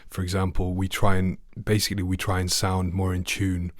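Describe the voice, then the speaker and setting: A man's voice: sits low, monotone, a little fast, no echo, studio quality. A man teaching a trombone lesson online, friendly and asking the viewer questions. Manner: friendly, asks the viewer questions, sings notes.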